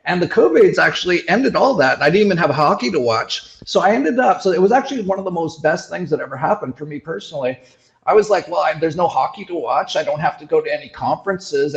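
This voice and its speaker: A man's voice: a little high, gravelly, roomy sound, dull audio. A middle-aged man from Canada talking casually in an interview, rambling with many restarts and fillers. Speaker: show host.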